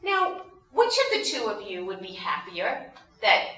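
A woman's voice: medium pitch, a little slow. A woman telling a Bible story to a group of children, asking them questions as she goes. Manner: animated, asks the children questions. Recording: roomy, distant, dull sound.

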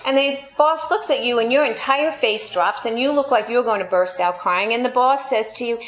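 A woman's voice: fairly high pitch, normal speed, hardly any pauses. Sarcastic New Yorker woman preaching. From New York. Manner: storytelling with playful sarcasm. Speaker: pastor. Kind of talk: sermon. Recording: echoey room, slightly dull sound.

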